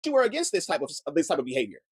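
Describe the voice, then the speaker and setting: Fast-talking man, heated commentary. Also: on the high side, wildly swooping pitch, breathy edge, dry recording. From Chicago. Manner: heated, earnest, repeats words as he builds a point. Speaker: commentary channel host. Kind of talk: reaction commentary.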